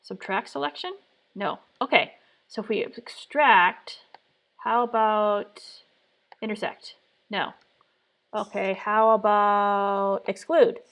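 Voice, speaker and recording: Speaking slowly with frequent pauses, a woman with a medium-pitched, fairly bright voice and fairly even intonation mutters to herself. She's streaming live from her home workspace, thinking aloud through design attempts one after another.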